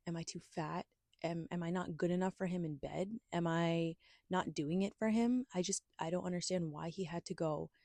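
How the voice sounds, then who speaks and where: A woman's voice: fairly low pitch, warm tone, dry recording, studio quality. A woman hosting her own podcast, telling a personal story in a candid, confiding, emphatic way. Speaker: podcast host.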